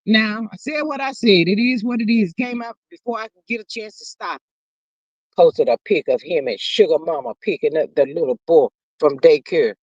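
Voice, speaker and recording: A woman's voice: on the low side, normal speed, darkish tone, husky, dry recording, highs cut off. A woman hosting a casual livestream, reading viewer comments aloud and chatting with her audience. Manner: chatty, calls listeners "child" and "y'all". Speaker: livestream host.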